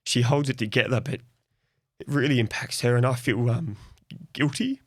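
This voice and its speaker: A man's voice: mid-range voice, moderate pace, no room sound, clean studio sound. A young Australian man speaking openly and reflectively as a guest in a podcast conversation. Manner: open, reflective, soft-spoken.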